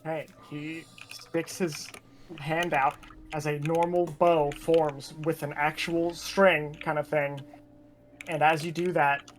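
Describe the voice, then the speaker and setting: A man's voice: on the high side, flat delivery, slow, slight background noise. A man running a tabletop role-playing game as game master, narrating in a casual, laid-back way.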